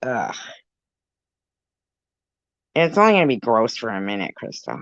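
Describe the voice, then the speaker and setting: A woman's voice: rumbling low, sing-song, fast, a bit bright, no room sound. A woman hosting a casual livestream, reading chat comments aloud, laughing often and teasing viewers with crude, disgusted reactions. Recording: dull lo-fi sound.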